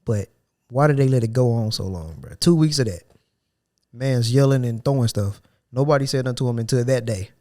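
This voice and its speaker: A man's voice: mid-range voice, a little fast, darkish tone. Slangy young man telling a work story. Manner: loose, slang-heavy, acts out coworkers' lines. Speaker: podcast host. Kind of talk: casual storytelling chat.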